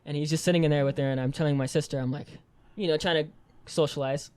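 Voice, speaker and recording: A young man co-hosting a podcast, telling family stories in a loose, swearing, animated way. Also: a little high, clean tone. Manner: fast, swearing, animated storytelling. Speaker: podcast co-host. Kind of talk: casual chat.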